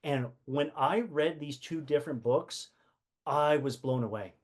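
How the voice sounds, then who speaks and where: A man's voice: a little high, unhurried. A man hosting a casual live-stream book talk, full of rhetorical questions, fillers and restarts. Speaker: host of a community book session.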